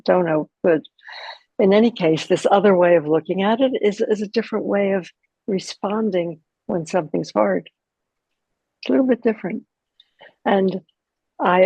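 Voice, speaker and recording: An older woman teaching a caregiving course in a gentle, chatty way, full of asides. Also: fairly low pitch, gravelly, breathy edge, no room sound, rough recording. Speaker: course instructor. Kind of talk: relaxed spoken teaching.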